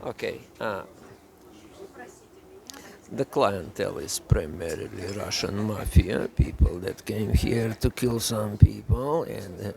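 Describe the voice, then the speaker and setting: Gravelly man chatting casually at a cafe. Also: fairly low pitch, slow, darkish tone. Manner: joking, rambling, switches into mock voices. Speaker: vlog co-host. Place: outdoor cafe terrace.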